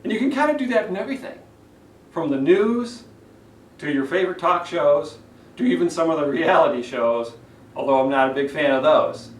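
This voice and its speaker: Animated male speaking coach with lively pitch. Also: moderate pace. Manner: animated, demonstrative, with vocal examples. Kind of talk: speech evaluation lesson. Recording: roomy echo, distant mic.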